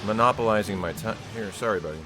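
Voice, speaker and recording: A man's voice: fairly low pitch, fast. A man chatting casually with his viewers while speedrunning a game live, rambling and laughing often. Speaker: speedrunner streamer. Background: game music.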